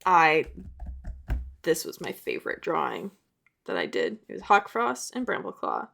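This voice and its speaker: A woman's voice: deep voice, huge pitch swings, unhurried, creaky, fairly bright tone. A young woman narrating a casual sketchbook tour, chatty and self-mocking, laughing at her old drawings. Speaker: art vlogger.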